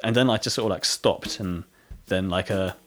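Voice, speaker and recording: A man's voice: low voice, normal speed, a bit bright, faint music behind. Rambling British man telling a story. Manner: rambling, filler-heavy storytelling with frequent laughs. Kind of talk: casual chat.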